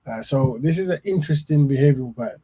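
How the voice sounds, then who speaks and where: A man hosting a podcast discussion, speaking in a measured way with hesitant restarts. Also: mid-range voice, expressive, mellow, husky. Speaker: host.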